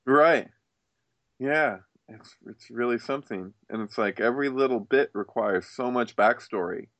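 A man in casual chat who swears often and acts out other people's lines in a raised, excited voice. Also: mid-range voice, unhurried, dry recording.

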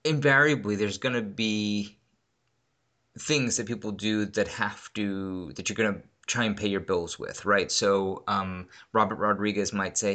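A man with a lowish voice and a bright, forceful tone chats casually in a loose podcast conversation. He rambles and swears freely, piling up asides as he talks. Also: moderate pace. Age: adult, married. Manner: profane, rambling, animated storytelling.

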